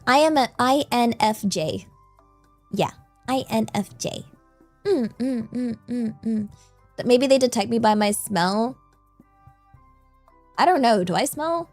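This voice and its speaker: Giggly animated woman streamer. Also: on the high side. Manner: animated, giggly, self-mocking. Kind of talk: casual chat with viewers.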